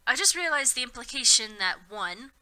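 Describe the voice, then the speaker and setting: A woman's voice: a little high, moderate pace. Sarcastic woman reading aloud. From Florida, USA. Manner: sarcastic, animated, swearing. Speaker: podcast co-host reading fanfiction. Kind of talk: comedic dramatic reading and banter.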